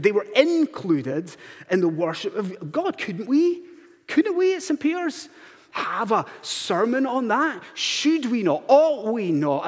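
A man's voice: fairly high pitch, breathy edge. A man preaching a sermon in a church, asking the congregation one earnest rhetorical question after another. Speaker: pastor. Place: church sanctuary. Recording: long hall reverb in church.

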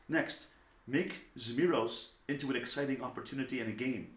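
Emphatic man lecturing in an echoey room. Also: normal speed. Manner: emphatic, swings between loud stresses and soft low asides. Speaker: parenting teacher.

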